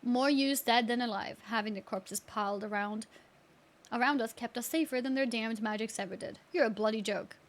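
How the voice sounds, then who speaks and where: A woman reading out the lines of a gruff male marine drill sergeant who barks insulting orders. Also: on the high side, moderate pace, lightly acted.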